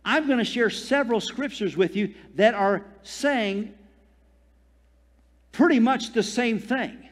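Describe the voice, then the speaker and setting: A man preaching a fervent sermon as pastor, repeating phrases and calling for amens. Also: high-pitched. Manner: fervent preaching, dwells on phrases and calls for amen. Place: church. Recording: long hall reverb.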